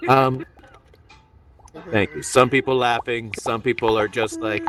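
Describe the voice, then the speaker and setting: A man's voice: medium pitch, fairly even intonation, measured pace, pauses often, a bit bright, far from the mic. A man doing a playful, rambling stand-up set streamed online. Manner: rambling, self-interrupting, playful. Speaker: stand-up comedian.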